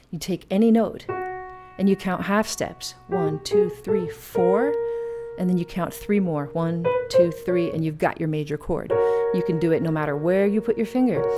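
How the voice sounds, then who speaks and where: Chatty woman teaching piano. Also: mid-range voice. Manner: chatty, enthusiastic, playful asides. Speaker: music teacher and host. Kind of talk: casual piano lesson and sponsor plug. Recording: faint piano music behind. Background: piano playing.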